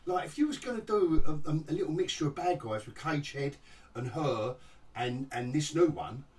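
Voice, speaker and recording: Sarcastic man with a lively voice. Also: a little high, moderate pace, distant mic. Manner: mocking, rambling, restarts often, laughs at the show. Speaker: TV review vlogger. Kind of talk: sarcastic casual review rant.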